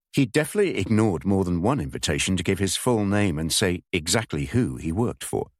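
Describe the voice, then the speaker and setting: A man reading a thriller aloud in measured, expressive scripted narration. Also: low-pitched, dry recording, studio quality. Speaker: audiobook narrator.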